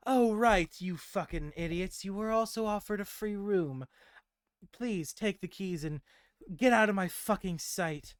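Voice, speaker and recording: A man voicing a curt, sharp-tongued young woman who swears at the party. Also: sits high, a little slow, clear, resonant tone, no room sound, studio quality, pitched above the performer's own voice. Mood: contemptuous. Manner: snappish, rude, swears.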